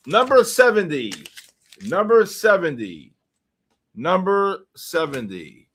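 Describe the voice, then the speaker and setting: A man hosting a live stream, calling out giveaway numbers and names in a casual, drawn-out way with quick asides. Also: mid-range voice. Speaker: livestream host calling giveaway winners.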